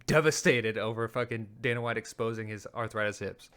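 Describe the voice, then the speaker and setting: A man's voice: lowish voice, heavy background noise. A man hosting a show, ranting heatedly and with lots of swearing as he reacts to clips. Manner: heated, profane, rapid ranting. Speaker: show host. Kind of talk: casual commentary on clips.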